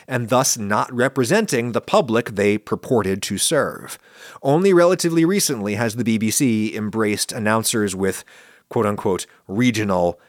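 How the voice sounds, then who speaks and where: A man's voice: medium pitch, no room sound, clean studio sound. A man from central Pennsylvania with a general northern US accent, hosting a viewer-question show in a wry, opinionated explanatory monologue. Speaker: host answering viewer questions.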